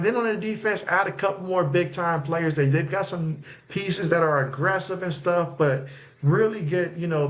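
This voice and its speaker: A man hosting a sports livestream, talking loosely about the game with lots of fillers and reacting to plays as they happen. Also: on the high side. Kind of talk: casual live game commentary and chat reading.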